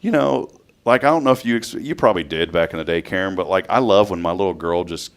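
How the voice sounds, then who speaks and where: A man hosting a morning radio show in a studio, chatting casually and telling animated stories with a laugh. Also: deep voice, fast talker, clean tone.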